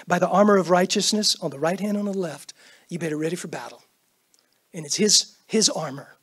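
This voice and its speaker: High-voiced, husky preacher man. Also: a little fast. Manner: preaching with sudden loud bursts and hushed asides; acts out quoted prayers and greetings. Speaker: pastor. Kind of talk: sermon. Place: church sanctuary.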